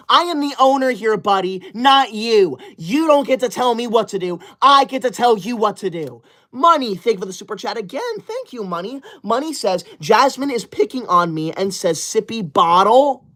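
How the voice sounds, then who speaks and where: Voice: mid-range voice, expressive, normal speed, hardly any pauses, fairly bright tone. A prim, self-important livestreamer reads out viewer messages while playing an over-the-top teacher's pet. The delivery is bossy and indignant, laying down rules and scolding anyone who steps out of line. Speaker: livestreamer reading viewer super chats.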